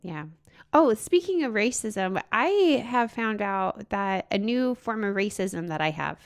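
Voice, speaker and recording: A woman co-hosting a comedy podcast, chatting casually with blunt, crude, deadpan remarks. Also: mid-range voice, unhurried. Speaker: podcast co-host, comic.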